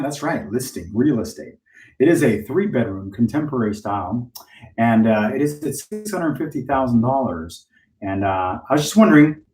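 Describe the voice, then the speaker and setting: A man's voice: medium pitch, roomy sound, recorded from a distance. A man coaching real estate agents in a live-streamed training talk, speaking bluntly and cursing freely. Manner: blunt, profane, animated.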